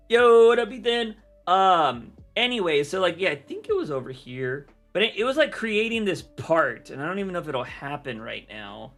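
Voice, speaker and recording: A man's voice: on the high side, sharp tone. A young man chatting casually on a livestream, rambling with lots of fillers and restarts. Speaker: streamer.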